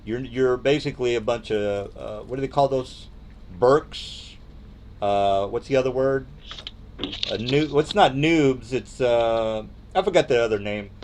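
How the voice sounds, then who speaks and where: Rambling dungeon master, faint hiss. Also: male voice, medium pitch, measured pace, darkish tone. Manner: rambling, many ums and restarts. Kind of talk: narrating a tabletop game.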